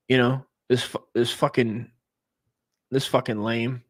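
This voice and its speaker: With a mid-range voice and moderate pace, a forties-aged American man runs a comedy stream. He swears freely and gets excited, wandering off and restarting his thoughts again and again.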